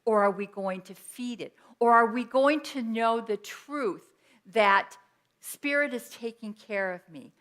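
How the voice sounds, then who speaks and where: A woman's voice: fairly high pitch, a little slow, fairly bright tone. A woman minister giving an earnest, personal sermon in a conversational teaching style with everyday examples.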